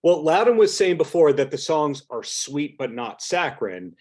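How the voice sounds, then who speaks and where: A man hosting a podcast interview over a video call, asking polite, measured, thoughtful questions. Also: on the high side, big pitch swings, a little mellow. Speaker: podcast host.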